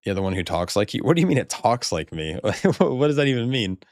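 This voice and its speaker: A man's voice: mid-range voice, sing-song, brisk, darkish tone, no room sound, clean studio sound. A man streaming a video game in casual chat, swearing, laughing often and stammering when surprised.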